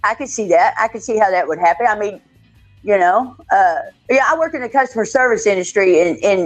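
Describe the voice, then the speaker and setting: A woman with a Texan Southern accent, chatting casually as a podcast guest, salty and quick to laugh. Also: medium pitch, animated, faint music behind, low-quality recording. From Texas. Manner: salty, laughing, loose storyteller. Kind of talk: casual chat.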